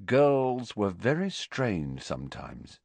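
Male audiobook reader, very expressive, dry studio sound. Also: fairly low pitch, takes it slowly, creaky, dry recording. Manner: expressive, varied storytelling. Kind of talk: audiobook narration.

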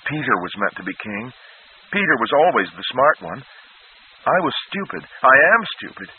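A man's voice: mid-range voice, very animated, normal speed, voice pushed up, close to an everyday voice. A man voicing a terrified young male prince who pleads in panic. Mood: frantic. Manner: panicked, pleading, near screaming. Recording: tinny phone-like sound.

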